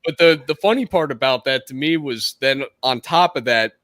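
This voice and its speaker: A man's voice: mid-range voice, moderate pace, fairly bright tone, dry recording. A man in casual podcast banter, telling a story in an easygoing way with plenty of laughing. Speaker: podcast co-host.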